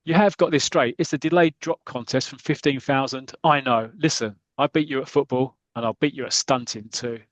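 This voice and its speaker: A man's voice: mid-range voice, brisk, few pauses, no room sound, muffled recording, lightly acted. A man reads a hot-headed young footballer from a comic. His curt, determined lines come in a plain mid voice with a dry, close sound. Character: Blackie Gray, stubborn young footballer.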